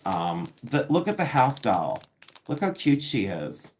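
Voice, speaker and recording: A man chatting casually on a live stream as he unboxes vintage finds, talking in a chatty, excitable and self-mocking way. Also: medium pitch, a little slow, a little hiss or hum. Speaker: live-stream antiques reseller. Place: indoors among boxes of haul. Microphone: device.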